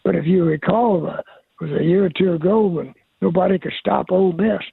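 Coach on a phone line, raspy, dry, halting. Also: male voice, high-pitched, no echo. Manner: halting, lots of "uh" pauses. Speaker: football coach guest. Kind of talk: phone-in sports interview. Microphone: telephone.

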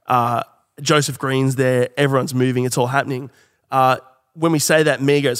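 A man, co-hosting a podcast and telling a long story in casual chat, laughing often and slipping into high girly voices for quotes. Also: flat delivery, normal speed, fairly bright tone, smooth, big-room sound. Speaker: podcast co-host.

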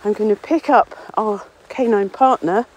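A woman's voice: mid-range voice, normal speed, a little mellow, low-quality recording. A woman, a local author, chatting rambly and self-deprecating while walking outdoors among trees on a windy common, slightly out of breath. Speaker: local author and podcast contributor. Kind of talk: casual spoken diary on a walk. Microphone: phone or portable recorder, no headphones.

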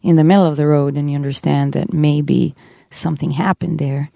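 Low gravelly woman, reflective. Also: fairly even intonation, a little fast, dark tone, no echo, clean studio sound. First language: Hebrew. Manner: reflective, searching for words. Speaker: singer, podcast guest. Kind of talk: podcast chat. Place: studio.

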